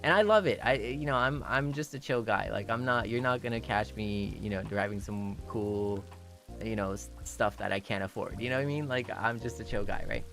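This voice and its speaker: A man's voice: fairly low pitch, normal speed, vocal fry, soft background music. A young man streaming, telling a rambling story in casual chat with lots of fillers and restarts. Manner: rambling, animated, lots of "you know" fillers and restarts, laughing at his own story.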